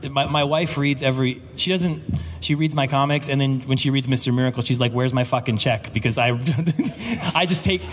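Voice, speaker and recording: A man's voice: mid-range voice, normal speed. A middle-aged man, a comic book writer, chatting casually on a convention panel, rambling with stammered restarts, swearing and laughing. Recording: reverberant hall with audible background noise.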